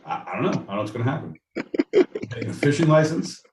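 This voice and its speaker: A man's voice: mid-range voice, very animated, fast, recorded from a distance. Rambling, jokey male podcast co-host. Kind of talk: casual chat. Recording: roomy sound, off-mic, faint noise.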